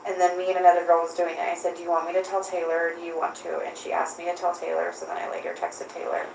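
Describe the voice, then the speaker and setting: Woman retelling events with a gravelly edge. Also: lowish voice, completely flat delivery, quick pace, darkish tone. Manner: retells text exchanges, quoting with "I was like". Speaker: witness questioned by authorities. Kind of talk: recounting events in an interview. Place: interview room. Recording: echoey room, voice from far off, faint hiss.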